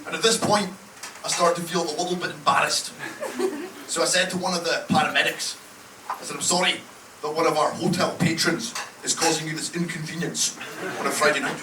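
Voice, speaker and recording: A man's voice: a little high, steady tone, a little fast. A Scottish man performing a stand-up comedy set, telling a brash, profane story and acting out the other voices. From Scotland. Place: comedy club stage with audience laughter. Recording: echoey club room, distant mic, loud background noise.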